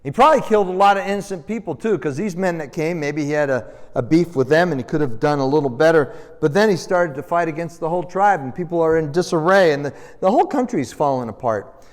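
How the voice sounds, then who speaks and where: A man preaching a sermon as pastor, telling the story with animated, acted-out voices. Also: fairly high pitch. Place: church sanctuary. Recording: long church reverb.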